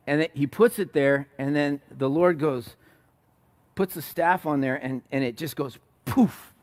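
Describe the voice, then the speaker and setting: A man preaching a sermon, retelling a story with animated, acted-out quotes and frequent restarts. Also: a little high, measured pace. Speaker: pastor.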